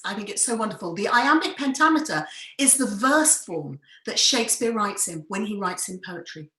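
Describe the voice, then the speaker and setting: Bright, lively woman storyteller. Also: on the high side. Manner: enthusiastic, expressive, explains with examples. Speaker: theatre director leading a workshop. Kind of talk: storytelling lesson. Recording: roomy echo.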